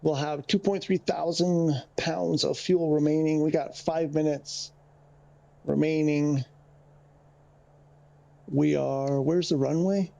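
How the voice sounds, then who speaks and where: A man streaming a flight game offers casual, wandering, chatty commentary on the radio steps through his headset mic, sounding slightly winded. His warm, somewhat high voice has vocal fry and a steady tone, and he speaks slowly with long pauses.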